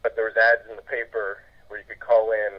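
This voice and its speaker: A man in his forties calling in to a podcast, chatting in a relaxed, easygoing way. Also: lowish voice, fairly quick. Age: 40s. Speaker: phone-in guest. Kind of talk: casual chat. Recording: dull lo-fi phone line.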